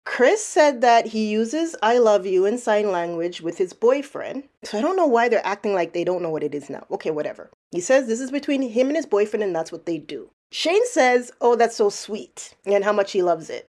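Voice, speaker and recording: A woman talks through a commentary voice-over in a casual, sarcastic tone. Her pitch is in the middle range, and she makes each point with some bite. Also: big pitch swings, a little fast, few pauses, darkish tone. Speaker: commentary YouTuber.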